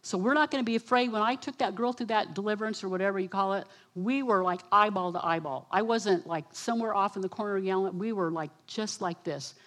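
Woman preacher, sermon delivery, lively storyteller who acts out quotes, mid-pitched. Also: a little fast, hardly any pauses. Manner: animated storytelling, quotes herself and others.

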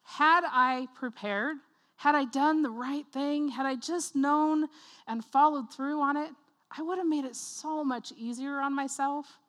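Woman preacher, high and bright-voiced, lively storyteller in a sermon. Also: unhurried. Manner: animated storytelling, acts out voices, laughs often.

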